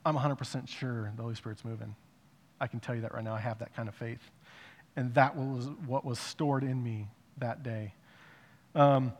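A man sharing a spoken faith testimony in an earnest, emphatic way, with short pauses and fillers. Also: mid-range voice, fairly even intonation, in a large hall.

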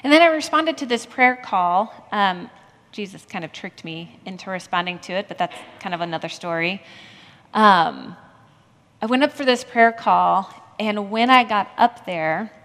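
A woman's voice: medium pitch, normal speed, fairly bright tone. A woman pastor giving a candid, self-deprecating personal testimony in a sermon, laughing at herself now and then. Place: church sanctuary. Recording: long hall reverb from a church sanctuary.

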